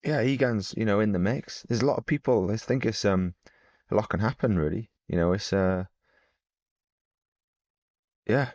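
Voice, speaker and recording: A man's voice: lowish voice, moderate pace, long pauses, darkish tone, dry recording. A man in his thirties, a podcast co-host talking bluntly and chattily, offering wry opinions. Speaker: podcast co-host, pro cyclist. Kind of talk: casual chat.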